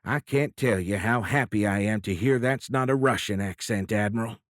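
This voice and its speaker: Nasal Midwestern older president, as a man does him for an audiobook; gruff, loud, folksy. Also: on the low side, moderate pace, dry recording, studio quality, lightly acted. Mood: jovial. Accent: Midwestern American. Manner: gruff and plainspoken, raised voice.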